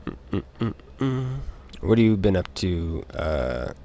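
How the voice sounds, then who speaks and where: A man with a Utah accent chatting casually on a live stream, rambling and halting, with casual swearing. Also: deep voice, sing-song, dark tone, a little hiss or hum.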